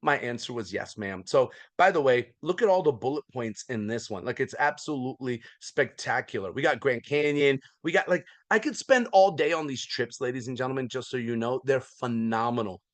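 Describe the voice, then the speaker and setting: A man, likely in his forties, giving an energetic, folksy sales presentation on a video call, with lots of repetition. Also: mid-range voice, brisk, few pauses, dry recording. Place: remote hotel room abroad.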